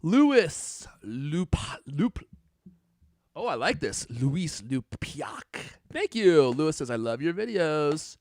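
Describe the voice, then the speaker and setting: A male co-host on a live tech podcast reads viewer comments aloud, chatty and laughing often, from a home studio on a live camera stream. His voice is fairly high, sing-song, slow, and a little mellow, with studio-quality sound and no echo.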